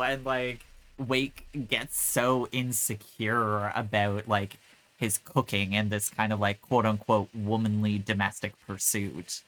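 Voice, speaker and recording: A woman co-hosting a podcast who recaps a film in casual chat, telling it in an animated way, acting out quotes and laughing often. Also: extremely low pitch, takes it slowly, low-quality recording. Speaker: podcast co-host.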